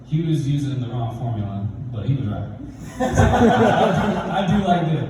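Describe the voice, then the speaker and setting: A young man telling a stand-up story, animated, jumping into high and low voices for the people he quotes. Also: a little slow, very noisy. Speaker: stand-up comedian. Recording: roomy hall, mic from a distance.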